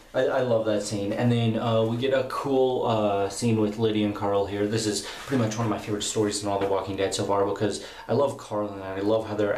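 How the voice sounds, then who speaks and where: A young man reviewing a comic book in a casual, excited, rambling way with lots of fillers. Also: on the low side. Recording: roomy echo.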